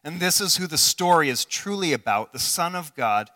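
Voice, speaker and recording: Bright-voiced preacher in a reverberant hall. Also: male voice, fairly high pitch, animated, moderate pace. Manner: earnest, asks the listeners questions, swings between loud and hushed. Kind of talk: sermon.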